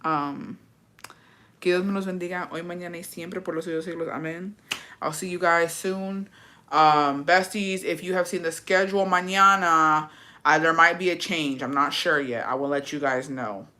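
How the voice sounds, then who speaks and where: A young woman hosting a livestream, telling a story in a rapid, profane, casual way and dropping in Spanish words. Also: lowish voice, fairly even intonation, pushed and bright. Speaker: livestream host.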